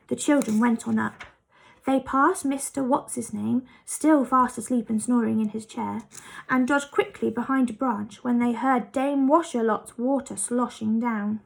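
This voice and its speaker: Woman storyteller, expressive children's book reading, raised pitch, gravelly edge. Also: measured pace. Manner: lively, expressive.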